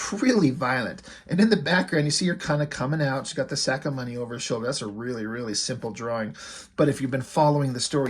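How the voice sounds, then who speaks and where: Man reviewing comics, off-the-cuff and rambling, breathy husky voice, middling pitch. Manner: rambling, loose, full of fillers and asides. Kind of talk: casual commentary.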